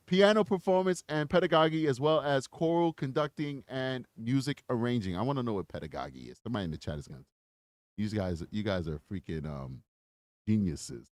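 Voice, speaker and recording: A man hosting a true-crime livestream, talking to his chat in an animated, mocking way. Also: medium pitch, no echo, studio quality. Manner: animated, mocking, chats with viewers. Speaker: livestream host.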